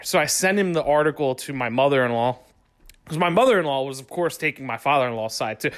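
Excitable young man telling a story. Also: fairly high pitch, quick pace. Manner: swearing, excitable, heavy use of "like". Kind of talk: animated casual storytelling.

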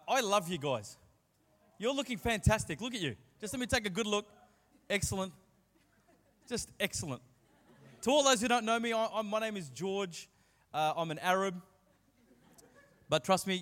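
A man's voice: sits high, fairly bright tone. A man preaching a sermon to a church with playful jokes and exuberant asides. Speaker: guest preacher. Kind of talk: sermon with banter. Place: church hall. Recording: long church-hall reverb.

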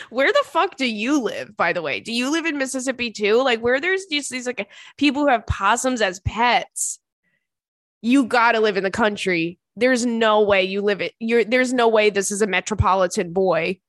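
A woman's voice: on the high side, normal speed, a bit bright, no room sound. Chatty woman in her thirties, dry close sound. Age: 30s. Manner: chatty and loose, swears freely, rambles. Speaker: podcast host answering listener emails. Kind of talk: casual chat.

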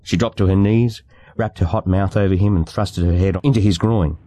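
Brief: low, mellow man reading a novel aloud, steady and measured. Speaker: audiobook narrator. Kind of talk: scripted narration.

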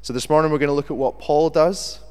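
A young British man preaching a sermon, reading scripture and then talking in a lively, chatty way with jokey asides. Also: fairly high pitch, fast, smooth. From Britain. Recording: long hall reverb.

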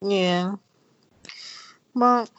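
A woman co-hosting a podcast, chatting playfully about music and quick to laugh. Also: mid-range voice, clean tone. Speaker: podcast co-host. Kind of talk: casual music chat. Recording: dull lo-fi recording.

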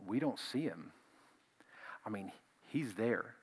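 A male pastor preaching a conversational, animated sermon, often repeating himself as he builds a point. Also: fairly low pitch, takes it slowly, breathy edge.

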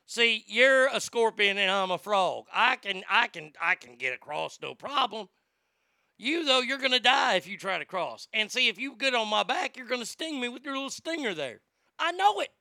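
A man's voice: extremely high pitch, lively intonation, normal speed, vocal fry, pushed and bright, no room sound, studio quality, exaggerated voice. A man voicing a laid-back, nervous male frog who stammers and repeats his words. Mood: wary.

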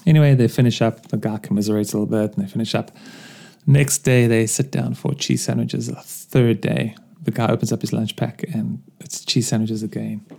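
A man's voice: fairly low pitch, fairly even intonation, a little fast, creaky, warm tone. A man hosting a solo podcast, talking casually in a rambling, self-deprecating way with lots of fillers. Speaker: podcast host.

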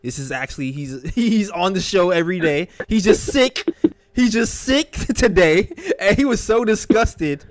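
A man hosting a casual sports talk show, animated and emphatic, tossing out questions as he thinks aloud. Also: sits high, unhurried. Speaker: host.

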